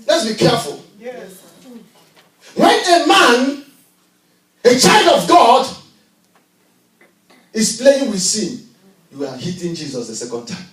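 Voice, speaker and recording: Male pastor, high lively voice, preaching from hushed to shouting, echoey church heard from afar. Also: takes it slowly, long pauses. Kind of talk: sermon. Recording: echoey church, miked from a distance.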